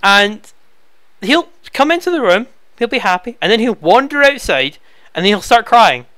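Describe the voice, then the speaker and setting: A young man rambles through viewer questions into his headset, chatty and quick to get flustered. His voice sits fairly high and sounds bright, clean and smooth. The sound is close and dry, with no room around it. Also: very animated, no echo. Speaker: YouTube Let's Player. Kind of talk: casual Q&A answering viewer questions. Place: home room.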